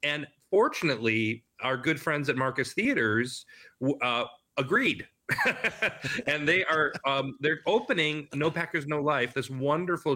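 A man's voice: a little high, pushed and bright. A man as an interview guest, talking animatedly with frequent restarts about bringing a film to theaters. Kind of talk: casual interview.

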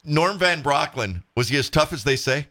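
A male radio talk show host, chatty and animated as he tells stories. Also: a little high, moderate pace, dry recording, studio quality.

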